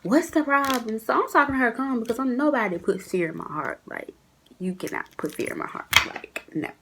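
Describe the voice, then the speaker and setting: A woman's voice: fairly high pitch, a little fast, vocal fry, slight background noise. Chatty young woman telling a story. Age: young adult. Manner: chatty, animated, acts out quotes in shifting voices. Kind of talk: casual storytime vlog.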